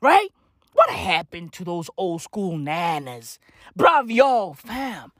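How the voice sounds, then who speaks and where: A hoarse vlogger tearing through a comedic rant, swinging their pitch wildly up and down. The talk is full of slang and swearing, with "bruv" and "fam" again and again. The recording is close and dry, with no room sound. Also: sing-song, takes it slowly, a bit bright, dry recording. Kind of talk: profane comedic rant to camera.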